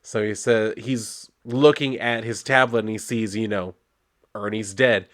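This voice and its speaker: A man's voice: on the low side, measured pace. A man casually retelling a comic book issue, reading its dialogue plainly and adding wry asides. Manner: relaxed, wry asides and fillers.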